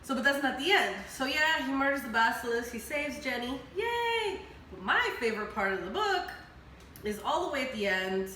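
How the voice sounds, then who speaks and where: A tipsy young woman hosts and retells a story in a lively, profanity-soaked way, her voice bright and forward. The room is very echoey, and there is a faint hiss behind her. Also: sits high, brisk. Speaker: host.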